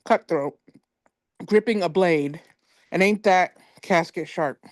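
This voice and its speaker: Woman poet, spoken word reading, measured pointed delivery, lower pitch, dry video call audio. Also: no echo.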